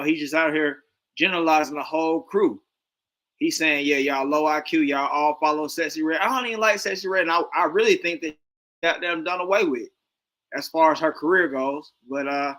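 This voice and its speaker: Bright-voiced man rambling in casual commentary. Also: fairly high pitch, rough recording. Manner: rambling, informal slang, many fillers. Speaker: stream host reacting to a debate.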